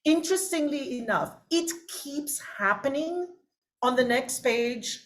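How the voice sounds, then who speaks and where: A woman coaching singers in a masterclass, lively and chatty with quick asides to her students. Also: high-pitched. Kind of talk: masterclass teaching.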